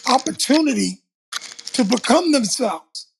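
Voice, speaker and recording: A man's voice: extremely high pitch, expressive, a little slow, gravelly, husky. An older man from Long Island, New York, telling stories in a casual conversation and animatedly acting out the voices he quotes. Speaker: co-host, former TV host.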